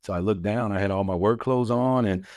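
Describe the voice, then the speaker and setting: A man's voice: fairly low pitch, a little fast, a little mellow, dry recording, studio quality. A man, an author and guest, earnestly telling a personal testimony in a casual interview, acting out the lines of people he quotes. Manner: earnest storyteller who acts out quoted lines; many fillers and restarts.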